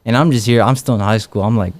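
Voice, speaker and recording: A man's voice: fairly low pitch, steady tone, quick pace, a little mellow. A young man, a street evangelist, telling stories in a casual interview, full of fillers and acted-out dialogue. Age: young adult. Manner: rambling, many fillers and quoted dialogue.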